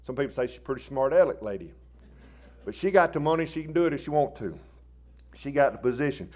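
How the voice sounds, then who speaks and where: A man preaching a sermon in a folksy, plain-spoken way, dropping to quiet asides and rising into loud impassioned bursts. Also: mid-range voice, expressive, quick pace.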